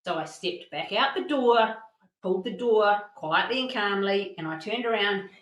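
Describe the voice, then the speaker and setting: A woman presenting a motivational masterclass, telling stories in an animated way and acting out the quotes. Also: medium pitch, normal speed, roomy sound, low-quality recording. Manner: animated storytelling with acted-out quotes. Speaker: workshop presenter.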